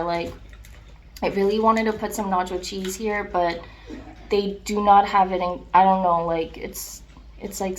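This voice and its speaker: A young woman in a mukbang vlog, chatting casually and excitedly between bites, with lots of "like" and appreciative "mm" sounds. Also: mid-range voice. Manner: chatty, filler-heavy, excitable, with chewing and "mm" sounds between remarks. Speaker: mukbang vlogger. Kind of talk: casual chat while eating.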